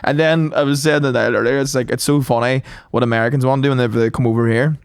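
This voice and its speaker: A man's voice: medium pitch, fairly even intonation, quick pace, clear, resonant tone, no echo, studio quality. A man co-hosting a podcast, telling a story in casual chat, laughing often and swearing as he goes. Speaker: podcast co-host.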